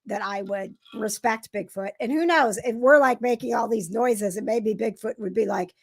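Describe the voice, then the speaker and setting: A woman's voice: fairly high pitch, normal speed, gravelly, husky. A woman hosting a show, chatting playfully and laughing often. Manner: giggly, playful. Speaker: host. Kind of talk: casual chat.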